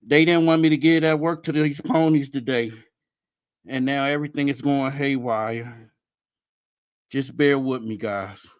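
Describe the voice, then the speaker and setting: A man hosting a live stream, out of breath, talking in a loud, rambling, profanity-heavy way. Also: mid-range voice, measured pace, pauses often, smooth, no room sound, muffled recording. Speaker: host. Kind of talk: casual stream commentary.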